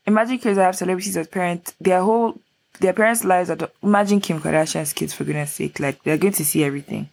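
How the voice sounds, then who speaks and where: Low gravelly woman in her 20s, podcast chat, says "like" a lot. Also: quick pace, a little mellow. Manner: chatty, many fillers like "like". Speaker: podcast co-host. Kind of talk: casual chat.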